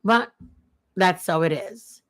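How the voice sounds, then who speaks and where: A woman's voice: lowish voice, takes it slowly. Earnest chatty woman on a livestream. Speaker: livestream host. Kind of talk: casual livestream chat.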